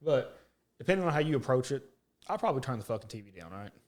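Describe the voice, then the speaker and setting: With a medium-pitched voice and a racing pace, this podcast co-host tells a story amid casual cursing. He's animated, performing the quoted lines as he goes.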